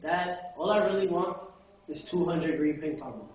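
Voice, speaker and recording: A man's voice: a little high, normal speed, darkish tone, lightly acted. A young man voicing an earnest, secretive son who pleads with his father, in a dull, echoey recording made far from the mic. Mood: pleading. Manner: pleading, evasive. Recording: roomy, distant, dull lo-fi amateur video.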